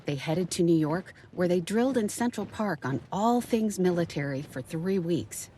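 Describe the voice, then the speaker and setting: A woman playing a granddaughter who narrates her grandmother's war years. Her low, mellow voice keeps a calm, measured, even pace. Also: slight background noise, close to an everyday voice. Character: adult granddaughter calmly telling her grandmother's story. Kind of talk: scripted documentary narration.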